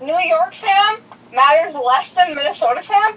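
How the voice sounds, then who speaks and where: A woman on a phone call with her father, ranting loudly and profanely in a comic, exaggerated way. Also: extremely high pitch, lively intonation, a little slow, recorded from a distance, a little hiss or hum. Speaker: caller, host's youngest daughter.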